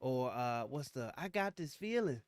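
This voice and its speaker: A young adult man co-hosting a casual chat, telling animated, slangy stories and acting out what people said. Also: medium pitch, normal speed, no echo. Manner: animated storyteller, acts out quotes, slangy. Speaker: podcast co-host.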